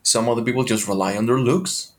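A man's voice: medium pitch, a little fast. A man hosting a podcast, talking in a motivational monologue that is full of questions and casual swearing.

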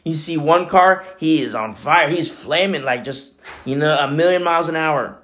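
A man preaching a sermon as pastor, in a conversational, animated way full of asides. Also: a little high, moderate pace.

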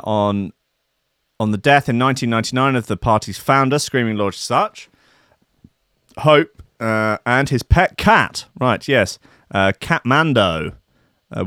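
A man's voice: lowish voice, a bit bright, no room sound, studio quality. A man hosting a radio show, chatting casually and reading aloud with lots of hesitation. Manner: rambling, hesitant with many fillers.

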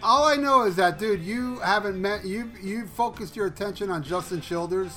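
High, bright-voiced joking man. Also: normal speed, soft background music. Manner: joking, chuckling asides. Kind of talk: casual podcast banter.

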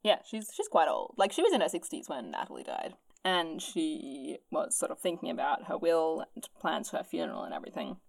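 A woman's voice: a little fast, creaky, dry recording. A woman casually telling a history story on a podcast, acting out quotes with big jumps in her voice. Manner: animated, acts out quotes with big pitch jumps.

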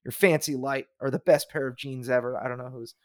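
A man's voice: mid-range voice, fairly even intonation, a little fast, darkish tone, no echo, clean studio sound. A man co-hosting a podcast in casual chat, wry and blunt, firing off rhetorical questions. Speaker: podcast co-host.

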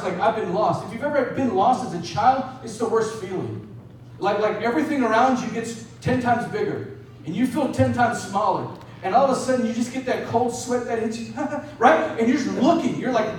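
A young adult male pastor with an extremely high-pitched voice preaches in a church hall, telling a story conversationally and frequently asking "right?". The distant mic picks up an echoey hall and a little hiss or hum.

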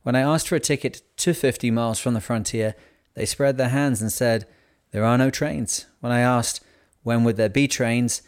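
Man calmly reading a novel aloud. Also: mid-range voice, moderate pace, clean tone. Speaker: audiobook narrator. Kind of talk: scripted narration.

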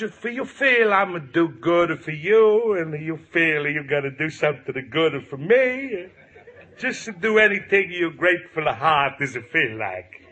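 A scheming Italian shopkeeper, bright lively voice, Italian accent, broken English, 1940s radio sitcom. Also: male voice, a little high, lo-fi sound, exaggerated voice. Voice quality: broken English, wheedling and blustering. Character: scheming, blustering Italian shopkeeper man, middle-aged.

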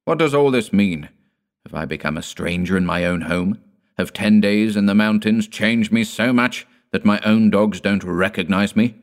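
A man's voice: low voice, animated, unhurried. A man voicing a stern, pale old man who speaks curtly in a hollow voice. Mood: menacing. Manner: curt, commanding.

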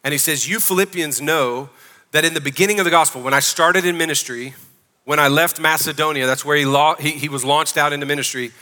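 A man's voice: on the high side, brisk, sharp tone. A man preaching a sermon as pastor, emphatic and calling out to his congregation. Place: church sanctuary. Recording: long reverb of a church hall.

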